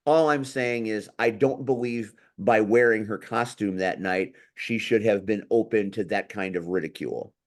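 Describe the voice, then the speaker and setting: Blunt, swearing male podcast host. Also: mid-range voice. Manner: blunt, swears when worked up. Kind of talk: casual chat.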